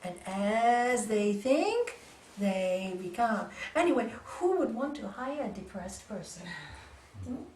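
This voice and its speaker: A woman yoga teacher giving an animated storytelling talk to a group, acting out dialogue and laughing often. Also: a little high, takes it slowly, slight background noise. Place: yoga centre room. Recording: echoey room from a distance.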